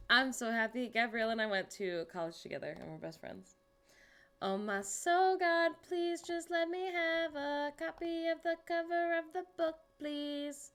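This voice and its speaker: A woman's voice: high voice, unhurried, a bit bright. A woman hosting a casual livestream from home, chatting with viewers and muttering to herself as she works. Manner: chatty, talks to herself while working on screen; greets and answers chat viewers. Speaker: livestream host.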